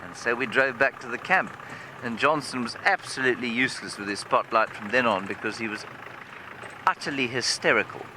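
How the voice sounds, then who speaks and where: A man's voice: medium pitch, brisk. A man working as a safari guide, telling a humorous story live from a game drive vehicle outdoors. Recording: vehicle engine noise outdoors.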